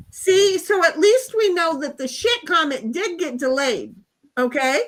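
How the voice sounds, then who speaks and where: A woman with a high voice hosts a relaxed home livestream. She rambles animatedly from one story to the next, reads chat comments aloud and laughs easily. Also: normal speed. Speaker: livestream host. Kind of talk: casual chat reading out chat comments. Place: home, speaking over a headset.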